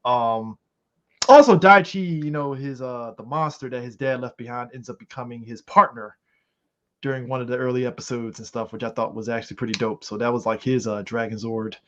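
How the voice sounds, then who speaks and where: Animated, profane man on a podcast. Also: medium pitch, a little fast. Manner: animated, profane, rambling with frequent fillers. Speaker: podcast co-host. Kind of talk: casual chat. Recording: slightly muffled lo-fi audio.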